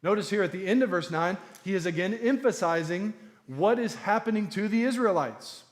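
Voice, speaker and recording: A man's voice: high voice, animated, normal speed. A man preaching a sermon in an earnest, emphatic teaching manner, with repeated phrases for stress.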